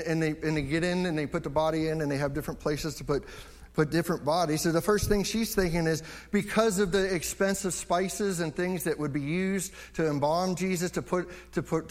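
Male pastor, sermon delivery, earnest, higher voice, stumbles and repeats at phrase starts. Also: brisk.

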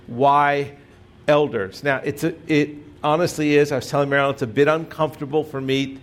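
In a mid-range voice, a middle-aged pastor gives a sermon full of conversationally told stories and self-deprecating jokes.

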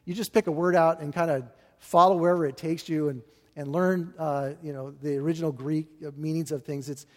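A man preaching to his congregation with a somewhat high voice, earnest and halting as he circles back over his words. His sermon rings out through a large hall with a long reverb tail. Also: fairly even intonation, a little mellow. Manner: earnest, halting with repeated restarts and fillers. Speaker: pastor.

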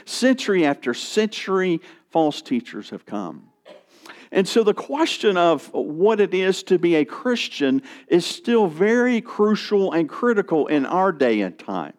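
A pastor preaches a sermon in a high-sitting voice, unhurried, with strong emphasis that rises and falls. He's expressive and occasionally restarts his sentences.

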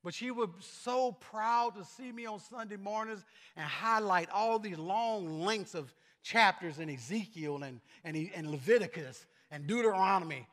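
Earnest high-voiced preacher in a reverberant hall. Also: male voice, a bit bright. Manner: earnest, halting, repeats words. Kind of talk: sermon with personal stories.

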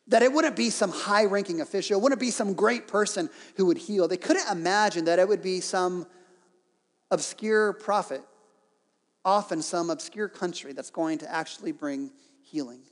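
Preacher guy, high voice, lively storytelling with jokes thrown in, long echo like a big hall. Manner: lively storytelling with joking asides. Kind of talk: sermon. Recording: reverberant hall.

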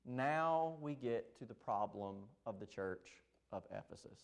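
A man preaching a sermon as pastor, emphatic, with sharp rises and drops in his voice. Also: mid-range voice, expressive, measured pace, smooth. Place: church sanctuary.

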